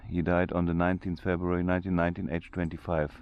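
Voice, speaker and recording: A German-accented man talks his way through an outdoor walk, his voice very deep and flat with little rise and fall. He stops and restarts often while he hunts for the right English words, and a faint outdoor hush sits under his voice. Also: muffled recording, slight background noise. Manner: halting, searching for English words, many restarts. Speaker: vlogger. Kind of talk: casual walking tour narration. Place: outdoor cemetery.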